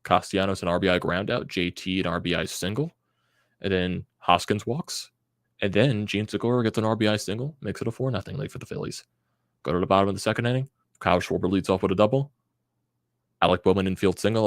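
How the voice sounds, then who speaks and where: A man's voice: low-pitched, no echo, studio quality. A young man hosting a fan reaction vlog, ranting in exasperation with stammers and sighs. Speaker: sports channel host.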